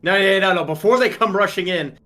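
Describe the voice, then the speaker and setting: Higher-voiced man player, halting. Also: bright, forceful tone. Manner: questioning, halting. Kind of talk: casual tabletop play.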